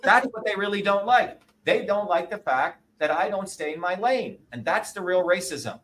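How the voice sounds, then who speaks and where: A man in his sixties, a guest in an interview, talking in a combative, profane and emphatic way, often pausing to ask "okay?" or "you see?". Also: high voice, animated, fairly bright tone, a little hiss or hum. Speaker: interview guest, presidential candidate.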